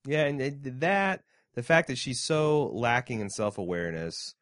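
A man's voice: mid-range voice, expressive, normal speed, a bit bright, no room sound, studio quality. A man co-hosting a casual podcast chat, joking around and reading listener mail aloud. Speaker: podcast co-host.

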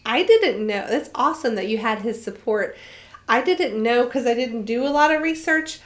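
A woman's voice: fairly high pitch, expressive, moderate pace. A woman guest on a podcast, talking through a shared adventure in an earnest, reflective and enthusiastic way. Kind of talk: casual conversational storytelling.

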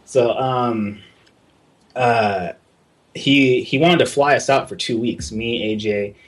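Husky-voiced man telling a story. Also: medium pitch, takes it slowly. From Southern California. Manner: relaxed, swears freely, acts out voices in anecdotes. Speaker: guest game artist. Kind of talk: casual storytelling.

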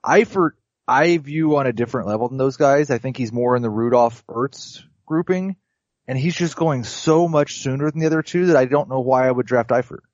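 A man on a sports podcast, plainly giving his opinion in a measured way. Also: medium pitch, a little mellow, no room sound, muffled recording. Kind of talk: casual sports podcast chat.

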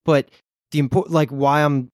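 A man co-hosting a podcast in casual chat, animated and recapping with lots of "like". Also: on the high side, normal speed, dry recording, clean studio sound. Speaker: podcast co-host.

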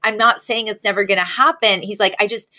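A woman co-hosting a podcast, casually recapping a sitcom episode and acting out the characters' lines with lively shifts of voice. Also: medium pitch, fast. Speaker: podcast co-host.

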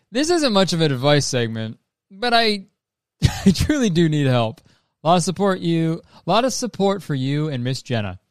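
A man's voice: a little high, animated, normal speed, clear, resonant tone, no room sound, clean studio sound. A man hosting a podcast in casual, rambling chat, swearing freely and laughing often. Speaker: podcast host.

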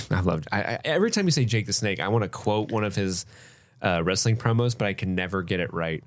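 A man's voice: fairly low pitch, expressive, brisk. A man co-hosting a podcast, chatting casually with a friend. His voice moves up and down a lot, and he laughs often while he riffs and reads a list of names. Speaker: podcast co-host.

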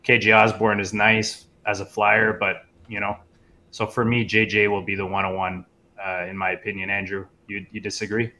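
A man with a lowish, bright voice states his picks on a podcast panel. His delivery stays flat and matter-of-fact. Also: normal speed. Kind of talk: casual podcast discussion.

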